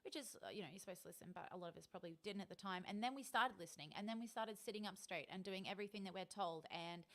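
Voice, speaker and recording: A woman's voice: mid-range voice, very fast, a bit bright. An Australian woman in her thirties chatting in a rambling, casual way on a live stream, with many ums and frequent laughs.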